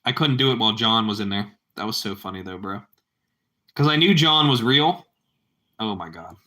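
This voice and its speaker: A man's voice: fairly low pitch, lively intonation, moderate pace, bright, forceful tone. A man chatting casually with his livestream viewers, rambling and repeating himself, and calling them bro. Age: adult parent. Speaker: livestream host.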